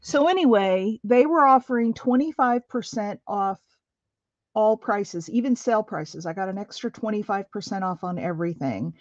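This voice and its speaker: A woman's voice: medium pitch, lively intonation, normal speed, dry recording, lo-fi sound. A middle-aged woman hosting a craft livestream, chatting with viewers in a chatty, rambling way and laughing easily. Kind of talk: casual chat with live viewers while crafting. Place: home craft room.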